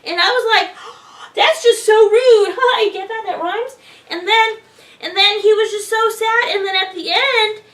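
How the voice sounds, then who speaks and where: A woman with a very high, girlish-pitched voice rambles excitedly and naively through a comedy sketch. She sounds set back from the microphone, and the room adds a clear echo. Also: moderate pace. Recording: roomy and distant from the mic.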